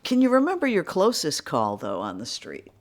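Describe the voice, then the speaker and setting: Low-voiced woman asking lively questions. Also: moderate pace. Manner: brief, curious questions. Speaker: interviewer. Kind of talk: interview questions.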